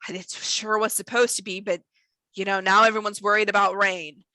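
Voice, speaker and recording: A woman's voice: mid-range voice, little pitch movement, normal speed, bright, forceful tone, no room sound, close to an everyday voice. A woman voicing an anxious, flustered man checking guests in at a wedding door, harried and apologetic.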